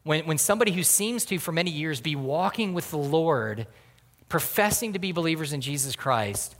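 Middle-aged pastor preaching in a reverberant hall. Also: male voice, a little high, a bit bright. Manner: earnest, rising to emphatic peaks, with repeated restarts. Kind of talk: sermon.

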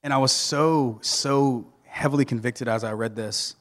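Guy preaching, joking around, trips over his words a lot, mid pitch, long echo in a big church. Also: measured pace. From Southern United States. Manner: animated, joking storyteller with frequent restarts. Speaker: pastor. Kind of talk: sermon. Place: church sanctuary.

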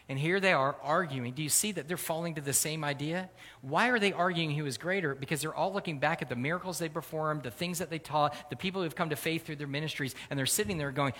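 A man preaching a sermon as pastor, earnest, swelling louder and higher for emphasis. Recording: long hall reverb.

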